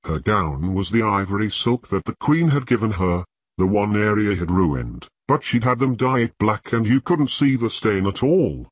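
A man reading a fantasy novel aloud as an audiobook narrator, in a measured, unhurried way. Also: on the low side, animated, no echo.

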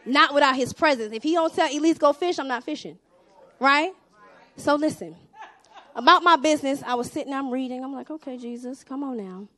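Animated woman preaching a sermon, high-voiced. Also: fairly quick. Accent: Southern US. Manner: animated, swings from hushed asides to loud exhortation.

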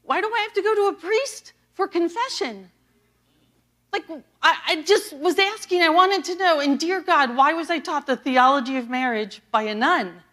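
Her voice very high-pitched and her pace moderate, a middle-aged East Coast associate pastor preaches a personal testimony. She's lively throughout and laughs a lot as the story unfolds.

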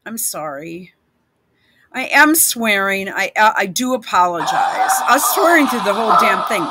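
Over clips she plays, a woman vlogger rambles bluntly, restarting often and swearing a lot. Her medium-pitched voice is very animated and moves at a normal speed, though the recording is very noisy.

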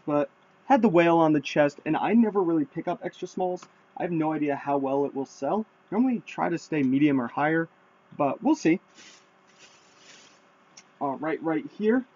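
A man casually showing off his thrift haul to viewers, chatty and excited, in a room at home. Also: on the high side, normal speed. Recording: dull lo-fi sound.

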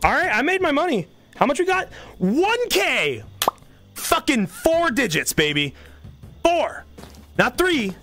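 A man streaming a video game, commenting casually, excitable and swearing as he yells at the game. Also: very high-pitched, slow pace, long pauses, soft background music.

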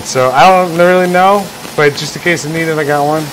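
A man's voice: a little high, fairly even intonation, a little fast, fairly bright tone, a little hiss or hum, low-quality recording. A man hosting a casual livestream from his workshop, who rambles, jokes, and acts out imagined scenes. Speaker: livestream host, engraver.

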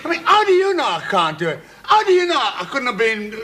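A young man who lazes about and mocks his father-in-law. His voice is high and leaps all over the place. Hiss runs behind him from an old sitcom soundtrack. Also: wildly swooping pitch, a little fast, exaggerated voice. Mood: defiant. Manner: mocking, argumentative retorts. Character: cheeky young layabout son-in-law.

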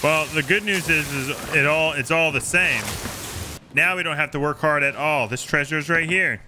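A man's voice: on the high side, moderate pace. A man streaming a game, chatting casually and teasing the other players. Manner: playful, teasing. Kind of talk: casual gameplay chat. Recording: game stream with clear background noise.

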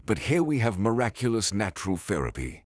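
A man voicing a calm, persuasive woman healer from a commune, speaking in a soothing, insistent way. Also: lowish voice, fairly quick, no room sound.

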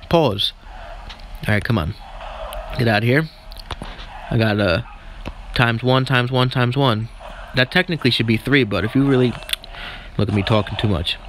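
A man's voice: mid-range voice, moderate pace, pauses often, a bit bright, slight background noise. A man giving goofy, rambling commentary on a mobile racing game at home, cheering at the screen and joking between races. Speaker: mobile game let's-player. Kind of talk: casual live gameplay commentary. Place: at home with barking dogs.

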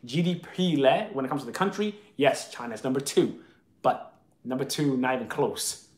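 A man's voice: mid-range voice, animated, normal speed. Opinionated man hosting a live chat, echoey room. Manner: opinionated, argumentative, answers viewer comments. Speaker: live video chat host.

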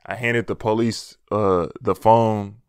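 A young man tells a story from his own life in casual vlog style, full of slang and swearing, chuckling at himself. His voice sits fairly low and comes through smooth and clear. The recording is dry and close, with no room sound. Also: fairly even intonation, takes it slowly, a little mellow, dry recording. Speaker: vlogger.

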